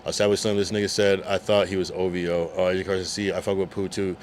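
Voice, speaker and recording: A man's voice: deep voice, level tone, quick pace, darkish tone, a little hiss or hum. A man streaming live, reading chat messages aloud in a laid-back, slangy way. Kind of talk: casual livestream chat.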